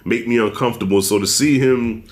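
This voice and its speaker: A man co-hosting a casual horror movie review, blunt and profane, telling scenes with animated storytelling. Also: medium pitch, a little fast. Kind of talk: casual spoiler discussion.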